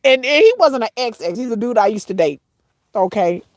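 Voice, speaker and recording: Speaking directly to her audience as "y'all," a middle-aged woman vlogger shares a personal, emotional story in an animated but halting way, often going back over her words. Tears weigh on her slightly high voice, which cracks now and then. The audio is close-miked and dry, free of echo or room sound.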